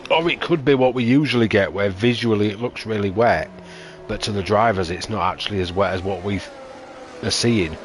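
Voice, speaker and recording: A man commentating a sim racing league race, calling tyre strategy in a steady, analytical way. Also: lowish voice, fairly quick, a little hiss or hum.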